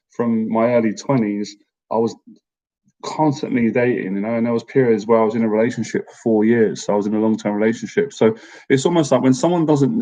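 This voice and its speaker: Chatty man with a mellow voice. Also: medium pitch. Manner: rambling, chatty, laughs often, addresses viewers directly. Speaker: live-stream host answering viewer questions. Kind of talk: casual live-stream chat.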